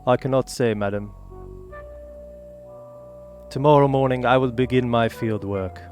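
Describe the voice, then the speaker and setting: A man's voice: mid-range voice, a little slow, a little mellow, faint music behind, close to an everyday voice. A man voicing a reserved male field scientist, speaking stiffly and politely in a formal manner.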